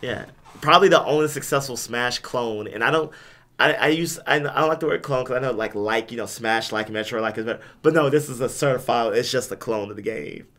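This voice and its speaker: Back from a gaming convention, this young podcast co-host talks in a loose, casual way, wandering off topic and often tripping over and repeating himself. He speaks at medium pitch, at a fairly quick clip, with a fairly bright tone.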